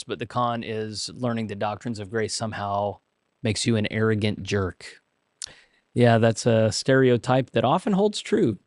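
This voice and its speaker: A man's voice: mid-range voice, no room sound. A man hosting a casual livestream, reading items aloud and commenting with dry humor, with frequent hesitations. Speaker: livestream host.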